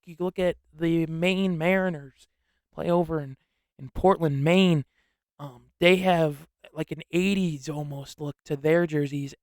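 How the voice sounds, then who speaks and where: A young man hosting a casual solo sports podcast, rambling and excitable with lots of slang. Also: fairly high pitch, clean tone, dry recording, clean studio sound. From upstate New York. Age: young adult.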